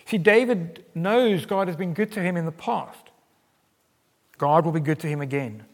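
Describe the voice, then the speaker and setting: A man preaching a sermon in an earnest, emphatic way, pressing on key words and letting others fall soft. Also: on the high side, moderate pace, in a large hall. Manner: earnest, emphatic, with wide swings in loudness.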